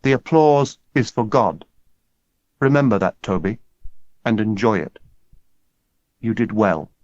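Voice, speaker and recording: A man reading an audiobook, voicing a calm boy who speaks softly and gently like a prophet. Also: lowish voice, no echo, lo-fi sound. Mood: serene. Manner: soft, calm, measured.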